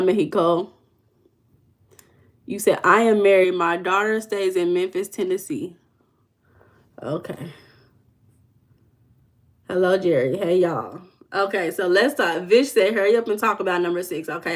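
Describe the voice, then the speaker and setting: A woman with a Southern US accent hosting a casual livestream as a life coach. She reads viewers' comments aloud and teases them playfully, drawing words out for emphasis. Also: on the low side. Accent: Southern US dialect. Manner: playful, teasing, drawls and slows for emphasis.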